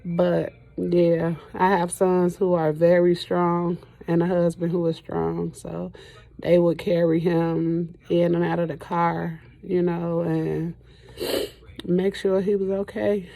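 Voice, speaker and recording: A middle-aged woman talking to camera in a halting, emotional way, often pausing with "you know", as she speaks about her loss. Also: lowish voice, level tone, vocal fry, warm tone, no echo. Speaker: trucking vlogger and grieving mother. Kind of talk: personal testimony to camera.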